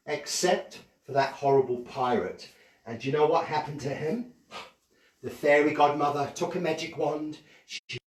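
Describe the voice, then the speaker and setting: Children's entertainer, male, playful and lively, raised voice, echoey room, distant mic. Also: fairly high pitch. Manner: animated, playful, asks kids questions. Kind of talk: storytelling to children.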